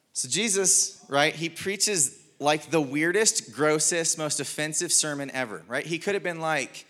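A man's voice: fairly high pitch, a little slow, hardly any pauses, sharp tone. Laid-back preaching man, chatty and joking. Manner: casual, filler-heavy, rhetorical questions, laughs at own jokes. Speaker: pastor. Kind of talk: conversational sermon. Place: church stage before a congregation.

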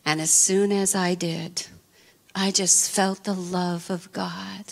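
A woman preacher telling a personal testimony in an expressive, fervent sermon style. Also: on the low side, slow pace, creaky.

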